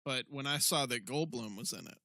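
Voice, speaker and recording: A man's voice: mid-range voice, expressive, brisk, bright, forceful tone, no room sound. A man co-hosting a podcast, talking casually, enthusiastically and profanely. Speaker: podcast co-host. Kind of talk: casual chat.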